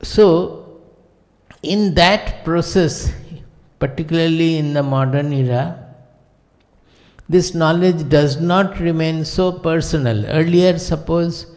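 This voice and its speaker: A man with an Indian accent, a spiritual teacher giving a discourse in measured, deliberate short phrases. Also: a little high, a little mellow. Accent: Indian English. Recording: long hall reverb.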